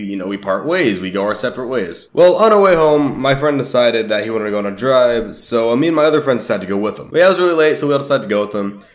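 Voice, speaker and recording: Speaking to camera as a YouTuber, a teen boy recounts his life in a meandering, laid-back way. Frequent swearing punctuates the story, and his voice rises and falls a lot.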